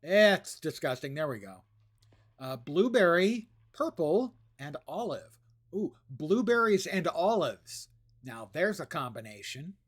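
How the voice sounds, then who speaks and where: A man's voice: on the high side, very animated, unhurried. A man streaming an online game, making wry, joking asides about his loot and the story as he plays. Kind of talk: casual gameplay commentary. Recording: streamed voice over game music.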